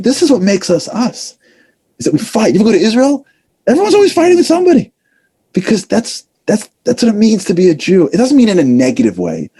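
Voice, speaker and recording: A middle-aged man giving a lively motivational talk, full of casual fillers and acted-out voices. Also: high-pitched, breathy edge. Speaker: speaker.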